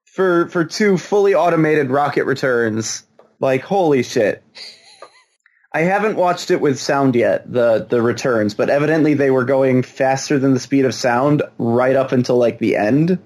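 A man's voice: medium pitch, a little slow, darkish tone. A young adult man co-hosting a casual chat, making dry, wry remarks. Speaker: podcast co-host.

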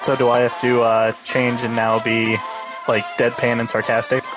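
A man co-hosting a podcast in casual chat, deadpan and tired-sounding. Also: medium pitch, moderate pace, music in the background. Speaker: podcast co-host.

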